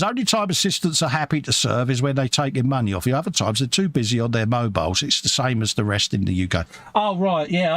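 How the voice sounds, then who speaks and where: A man's voice: a little high, no room sound. A middle-aged man with a Cockney accent, chatting casually on a live stream and reading out viewer comments. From East End of London. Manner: chatty, lively storyteller.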